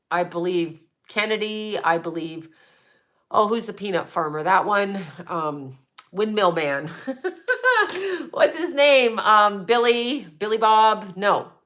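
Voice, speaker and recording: Casual livestream host, woman, bright tense voice, blunt and rambling, answers chat as she goes. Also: mid-range voice. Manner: rambling, blunt, swearing, laughing often. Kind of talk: casual live chat reading viewer comments.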